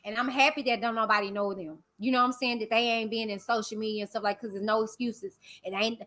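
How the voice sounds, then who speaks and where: A woman from Texas with a Southern accent, hosting a livestream and reading viewer comments aloud in a loud, passionate, chatty way. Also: a little high, steady tone, quick pace. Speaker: livestream host reading chat. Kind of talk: casual chat with viewers.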